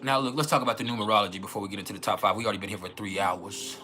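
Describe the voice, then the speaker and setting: A man's voice: fairly low pitch, fairly even intonation, racing, music in the background. A man hosting a casual astrology livestream, joking and swearing often and laughing.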